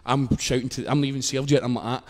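A man's voice: mid-range voice, level tone, very fast, a little mellow. A young Scottish man telling a story in casual chat, sweary and laughing as he goes. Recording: long reverb.

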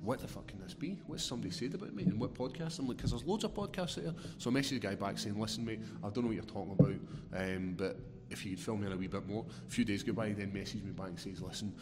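A man's voice: on the low side, fast, hardly any pauses, in a large hall, music in the background. A man with a Scottish accent telling stories on a casual podcast, swearing and laughing as he goes. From Scotland. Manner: swearing, laughing, animated storytelling. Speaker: podcast guest, fighter.

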